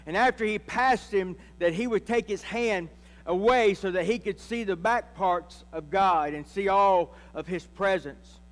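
A man's voice: high-pitched, a little slow, in a large hall. A man, a pastor, preaching a sermon and calling out to his congregation. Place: church sanctuary.

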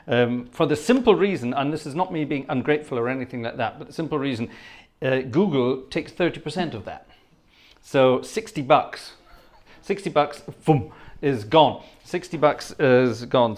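A middle-aged man with a posh Scottish accent, chatting casually with viewers on a livestream and thanking them effusively. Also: mid-range voice. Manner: chatty, effusive, quick thanks like 'gosh' and 'splendid'. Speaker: livestream host and organist. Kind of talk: casual livestream chat reading the chat.

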